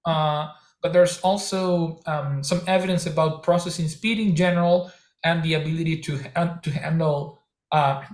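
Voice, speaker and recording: A man being interviewed as a researcher, giving careful, halting academic explanations. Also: on the high side. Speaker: researcher guest. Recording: echoey room.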